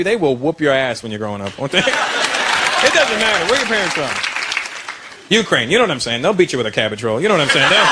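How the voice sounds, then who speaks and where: A man from Canada doing stand-up comedy on stage, animated and conversational, over loud crowd laughter. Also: high-pitched, very noisy. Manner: animated, conversational, punchline-driven.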